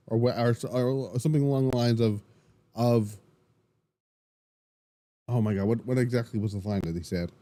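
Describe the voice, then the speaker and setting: A man hosting a wrestling podcast, recapping the show in an excitable, rambling way, full of restarts and swearing. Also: medium pitch, normal speed, pauses often, dry recording. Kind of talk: casual solo recap.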